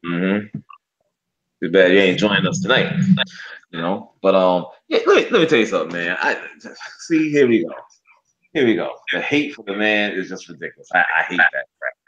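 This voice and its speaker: A deep-voiced man joins a loose sports talk show by phone, his pitch swinging up and down as he jokes around. He stammers as he restarts his sentences, and the line sounds dull and muffled. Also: sing-song, moderate pace, a bit bright. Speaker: podcast co-host calling in.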